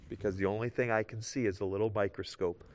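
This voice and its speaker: Male pastor, lowish voice, sermon delivery with loud peaks and whispered asides, reverberant sanctuary. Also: fairly even intonation, fast talker. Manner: swings between loud emphatic bursts and soft hushed asides. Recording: long hall reverb.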